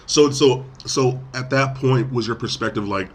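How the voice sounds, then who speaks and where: At normal speed and in a mid-range voice, a podcast host chats casually about a movie over slight background noise. He rambles through the recap and acts out quotes in between.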